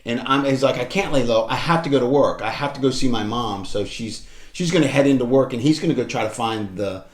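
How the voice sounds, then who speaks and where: A man co-hosting a podcast, casually recapping a show and acting out the characters' lines. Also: fairly quick. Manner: retells scenes acting out lines with shifts in pitch. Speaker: podcast co-host. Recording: echoey room.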